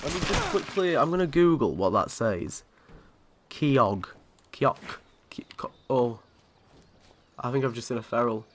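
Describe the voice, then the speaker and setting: A man's voice: medium pitch, lively intonation, unhurried, long pauses, fairly bright tone, slight background noise. A man from commentating on a video game in a chatty, sweary way, often laughing. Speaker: gaming channel host.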